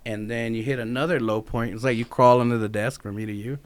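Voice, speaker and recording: A young veteran guesting on a podcast spins a loose, profane story, peppering it with "like" and acting out what other people said. He talks quickly at a medium pitch with a steady tone, over very noisy audio.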